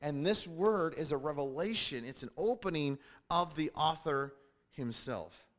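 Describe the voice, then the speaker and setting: A man's voice: a little high, lively intonation, measured pace, a bit bright. A man teaching a sermon-style Bible lesson, emphatic and repetitive, often restarting phrases.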